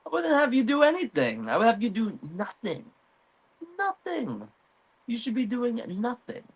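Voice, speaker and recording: A man's voice: very high voice, huge pitch swings, moderate pace, slightly rough, voice pushed up, full character voice, low-quality recording. A man voicing a scornful queen mother who cuts down her son, in a mocking, sneering tone.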